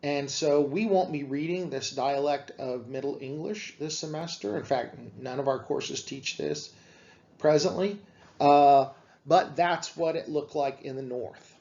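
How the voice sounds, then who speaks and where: A man giving a classroom lecture on literature, explaining slowly with frequent fillers. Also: on the high side, creaky, a little mellow, lo-fi sound.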